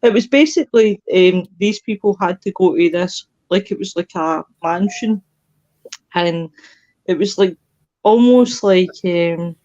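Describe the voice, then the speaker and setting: A woman's voice: on the low side, measured pace, mellow, muffled recording. A woman telling a story in a casual podcast chat, trailing off and searching for words. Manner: rambling, full of fillers.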